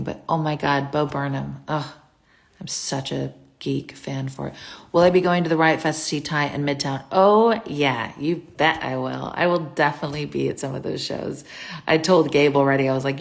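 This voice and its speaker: A woman's voice: rumbling low, fairly even intonation, normal speed, gravelly. A woman hosting a casual livestream from home into a phone, chatty and scattered, reading viewer comments aloud and answering them.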